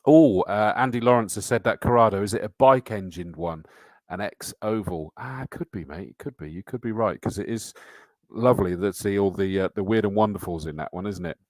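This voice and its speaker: Chatty man, lowish dry voice. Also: a little fast, a little mellow, dry recording. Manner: chatty, matey, reads out comments and entry lists. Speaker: host. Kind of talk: live-stream chat reading viewer comments.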